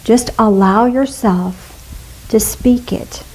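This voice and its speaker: A middle-aged woman leading a spiritual fellowship, preaching in a chatty, playful way and slipping into soft gushing voices now and then. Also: a little high, takes it slowly, low-quality recording. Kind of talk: casual sermon.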